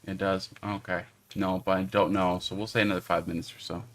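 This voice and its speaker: A man co-hosting a game livestream in a relaxed, joking way. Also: low voice, brisk. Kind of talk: casual livestream chat.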